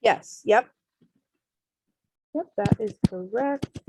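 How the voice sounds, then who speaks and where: A woman's voice: medium pitch, extremely slow, warm tone, slight background noise. A woman teaching an online Spanish class, explaining each step patiently with many ums.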